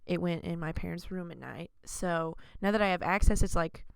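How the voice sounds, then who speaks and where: A woman's voice: on the low side, moderate pace, creaky, clear, resonant tone, no room sound. A young woman from Arkansas hosting a casual student podcast, rambling with fillers. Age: young adult. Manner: relaxed, rambling with many fillers. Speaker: podcast host. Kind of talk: casual chat.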